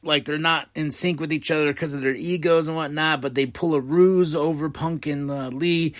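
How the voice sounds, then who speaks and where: A man hosting a podcast, giving a casual, excitable recap and acting out quotes in quick voices. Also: on the high side. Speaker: podcast host.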